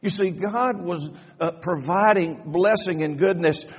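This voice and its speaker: Older man, pastor, high-pitched and folksy, preaching in a reverberant church on a dull, lo-fi recording. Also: unhurried, few pauses, husky. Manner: folksy, joking asides building to fervent preaching. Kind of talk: sermon. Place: church sanctuary. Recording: echoey church hall, dull lo-fi sound.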